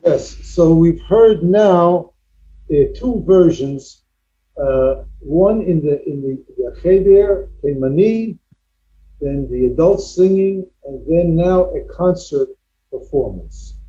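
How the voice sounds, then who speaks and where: A man's voice: a little high, lively intonation, takes it slowly, dark tone, muffled recording. A man giving a live talk, introducing a film with hesitant speech, fillers and restarts. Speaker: lecturer presenting a film.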